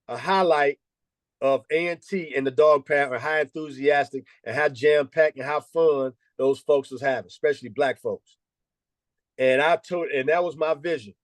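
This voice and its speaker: Animated storytelling man, coach. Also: on the high side, no room sound. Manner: animated, repetitive, peppers speech with "man" and "you know". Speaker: former college basketball head coach. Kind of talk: storytelling interview answers.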